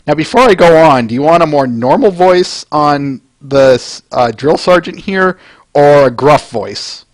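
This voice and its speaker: An unhurried man chatting between comic readings and laughing often, with a lively, bouncing pitch. His voice sounds dry and close, with no room echo. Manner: chuckles often, chatty asides to viewers. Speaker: host reading comics aloud. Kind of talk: casual chat.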